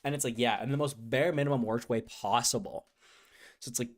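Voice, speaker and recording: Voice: mid-range voice, fast talker. A card game content creator ranting casually to viewers, exasperated and sarcastic. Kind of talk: casual ranting playtest chat.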